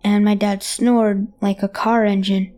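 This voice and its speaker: A woman narrating a first-person horror story in a halting, hushed, childlike way. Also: mid-range voice, little pitch movement.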